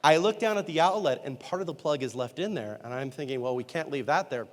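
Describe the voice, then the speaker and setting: A man giving a humorous storytelling keynote, acting out characters with quick voice changes and self-deprecating comic timing. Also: a little high, lively intonation, slight background noise. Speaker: motivational speaker and entertainer. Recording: long hall reverb.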